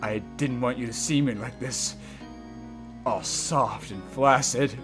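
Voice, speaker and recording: A man voicing a cold, haughty male rival prosecutor with a low, brooding, scornful drawl. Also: fairly even intonation, slow pace, a bit bright, soft background music. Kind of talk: comedic let's-play voice acting.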